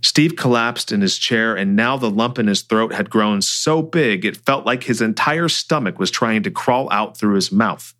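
A man narrating his own book chapter aloud in an expressive, animated reading. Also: fairly low pitch, moderate pace, few pauses. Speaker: author and narrator. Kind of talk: audiobook-style story reading.

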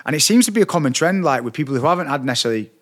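A man in his thirties hosting a podcast interview, asking quick probing questions in a supportive way. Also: fairly high pitch, expressive, a bit bright. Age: 30s. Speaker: podcast host. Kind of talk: interview conversation.

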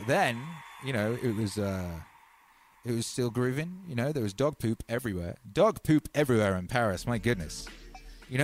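An English man in his thirties hosts a loose livestream chat, slangy and animated as his voice jumps up and down. His pitch sits in the middle for a man, and faint music plays under him. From England. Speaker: livestream host.

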